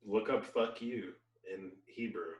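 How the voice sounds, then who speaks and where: A man's voice: lowish voice, a little slow, muffled recording. A man co-hosting a podcast in casual chat, teasing his friend with short wisecracks. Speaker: podcast co-host. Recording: roomy, from off-mic.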